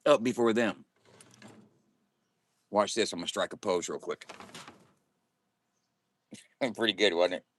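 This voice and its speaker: A man's voice: lowish voice, measured pace, pauses often, a bit bright, dry recording. A man talking casually to camera in a morning vlog, boisterous and profane and laughing often. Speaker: vlogger.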